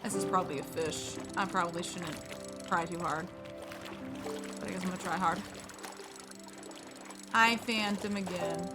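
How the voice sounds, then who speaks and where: A woman's voice: on the low side, fairly even intonation, unhurried, pauses often. Chatty woman streamer over game music. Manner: chatty, playful, rambling, self-deprecating. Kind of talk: casual live gameplay commentary.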